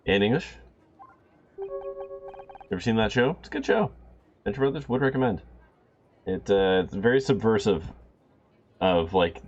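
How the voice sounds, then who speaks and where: A man's voice: sits low, dull audio, slight background noise. A man casually talking through a video game, rambling and reading its dialogue aloud. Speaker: let's play host. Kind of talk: casual gameplay commentary and line reading. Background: game music.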